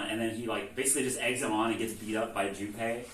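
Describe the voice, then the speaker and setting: A man's voice: on the low side, fairly even intonation, fast, a bit bright, a little hiss or hum. A man casually recapping a game's story, rambling with lots of "like" and swearing, and acting out the lines. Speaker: host recapping a video game series. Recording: echoey room, far from mic, faint ambience.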